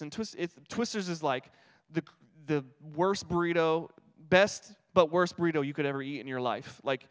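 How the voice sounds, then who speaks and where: High-voiced energetic young preacher. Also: male voice, normal speed, clean tone. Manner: energetic, humorous, repeats key phrases. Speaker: pastor. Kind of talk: sermon with storytelling. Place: church sanctuary. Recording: reverberant church hall.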